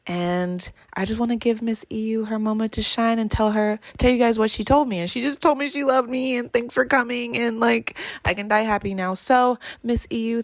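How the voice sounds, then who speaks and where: A woman's voice: mid-range voice, dry recording. Chatty young woman vlogger gushing to camera, dry close mic. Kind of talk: casual talk to camera.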